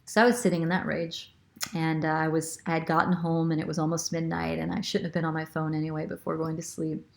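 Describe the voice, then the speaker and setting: A woman's voice: low-pitched, level tone, fast talker, vocal fry. A woman hosting a spiritual show, telling a personal story in an earnest, reflective way with fillers and restarts. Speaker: spiritual guide and host.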